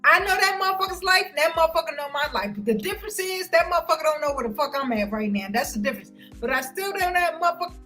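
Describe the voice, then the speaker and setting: High, bright, heated woman ranting. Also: expressive, fast, few pauses, faint music behind, poor audio. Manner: loud, heated and confrontational, with frequent cursing. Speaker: vlogger ranting to viewers. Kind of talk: profane livestream rant.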